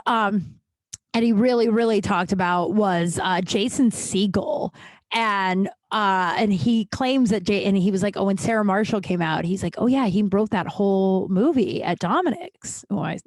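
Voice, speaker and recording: A woman's voice: medium pitch, no echo. Chatty, profane woman telling stories. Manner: chatty, profane, full of fillers and animated quoted voices. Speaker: podcast host. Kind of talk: casual storytelling.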